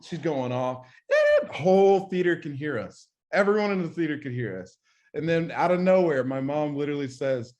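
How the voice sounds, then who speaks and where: A young man co-hosting a podcast, telling animated stories in casual chat and swearing freely. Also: on the high side, normal speed, highs cut off. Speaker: podcast co-host.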